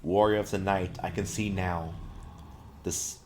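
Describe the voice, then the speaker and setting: A man's voice: sits low, fairly even intonation, measured pace, a little mellow, slight background noise. A man reading as a solemn ancient god.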